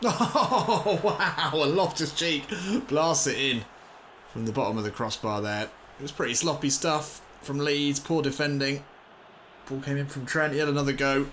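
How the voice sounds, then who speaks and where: A man talks over his football video game in a mid-range voice, swinging from calm play-by-play to shouting and swearing. A faint hiss sits under the recording. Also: medium pitch, moderate pace. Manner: excitable, swears and shouts in frustration. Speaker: gaming commentator.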